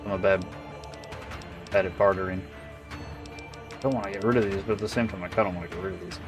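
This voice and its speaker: A man's voice: sits low, fairly even intonation, brisk, music in the background. A man streaming a game, muttering profane, casual commentary as he thinks aloud.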